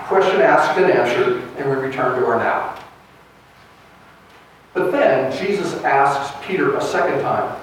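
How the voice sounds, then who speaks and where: A man's voice: fairly high pitch, lively intonation, measured pace, a little hiss or hum. A man preaching a sermon as pastor, retelling a gospel story in a storytelling way. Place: church sanctuary. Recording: echoey church from a distance.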